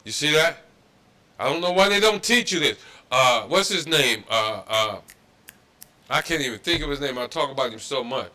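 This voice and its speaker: A man's voice: mid-range voice, animated, normal speed, bright, forceful tone. A man teaching a religious history class in a preaching style, emphatic and repetitive, with mocking asides. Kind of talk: preaching-style scripture lecture. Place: Detroit.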